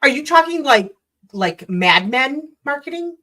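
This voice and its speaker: A woman's voice: high voice, sing-song, a little slow, sharp tone. A woman with a Minnesota accent hosting a casual late-night livestream chat from home, joking, laughing and swearing freely. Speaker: livestream host.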